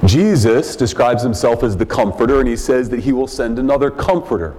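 A man preaching a sermon as pastor, teaching in a measured way and often repeating words as he goes. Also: medium pitch, dark tone. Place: church sanctuary. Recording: long reverb of a large hall.

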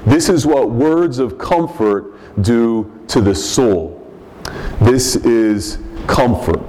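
A man preaching a sermon as pastor, teaching in a measured way and often repeating words as he goes. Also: medium pitch, mellow, a little hiss or hum. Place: church sanctuary. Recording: long reverb of a large hall.

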